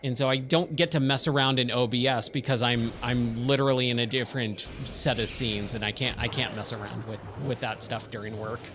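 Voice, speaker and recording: A man's voice: medium pitch, steady tone, a little fast, hardly any pauses, background noise. A man with a Californian accent giving casual let's-play commentary, chatting and exclaiming at the game in surfer slang. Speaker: streamer; trainer at day job.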